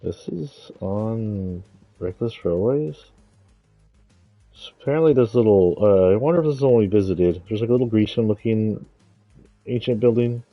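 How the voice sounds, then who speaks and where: A man's voice: lowish voice, expressive, moderate pace, no room sound, lo-fi sound, soft background music. A man giving casual, rambling gameplay commentary, thinking aloud and correcting himself as he goes. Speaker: streamer.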